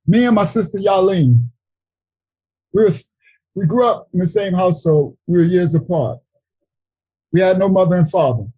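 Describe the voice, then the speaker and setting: A man's voice: a little high, warm tone, husky, dry recording, rough recording. Emotional middle-aged man giving testimony. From New York City. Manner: earnest, halting, with frequent restarts. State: emotional, near tears. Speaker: Bible study teacher. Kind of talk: emotional personal testimony in a Bible study.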